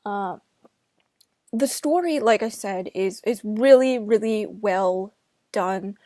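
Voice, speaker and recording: A woman's voice: medium pitch, takes it slowly, dark tone, no echo, clean studio sound. A woman in her twenties from New Jersey, giving a casual, rambling film review with chatty asides.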